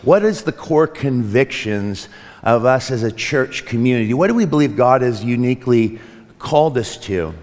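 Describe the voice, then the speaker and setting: A man's voice: medium pitch, expressive, moderate pace, a little mellow, big-room sound. A man preaching a sermon as pastor to his church, earnest and reflective, with frequent restarts and light joking. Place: church sanctuary.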